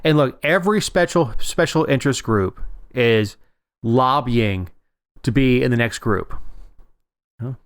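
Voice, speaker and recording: A man's voice: medium pitch, unhurried, pauses often, clean tone, dry recording, clean studio sound. A man co-hosting a casual political podcast, rambling and wry, often restarting his sentences. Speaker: podcast co-host.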